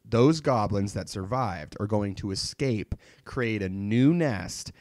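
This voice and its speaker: A man's voice: fairly low pitch, expressive, slow, a little mellow, no room sound, studio quality. A man chatting casually about a show, rambling with lots of fillers and restarts. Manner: rambling, many likes and restarts. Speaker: podcast co-host. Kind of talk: casual chat about anime.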